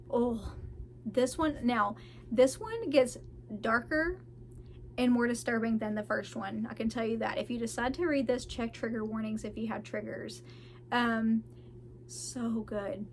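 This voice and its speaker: A woman's voice: fairly high pitch, a little slow, a little hiss or hum. A woman, a parent with kids, chatting casually and enthusiastically about books she read, laughing often. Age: adult parent of children. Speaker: book vlogger. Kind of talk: casual book review chat.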